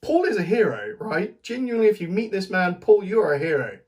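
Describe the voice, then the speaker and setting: A man's voice: high voice, very animated, a little fast, a little mellow. A British man giving a casual, rambling spoken recap to camera, chatty, laughing often and restarting his sentences. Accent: British English. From Britain. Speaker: vlogger.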